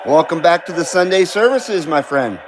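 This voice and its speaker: A man's voice: a little high, expressive, normal speed, noisy background. A man hosting a live radio-hobby stream, chatting casually and swearing freely as he greets viewers by name. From Southern California. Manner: laid-back, profane, greets viewers by name. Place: home in Carson City.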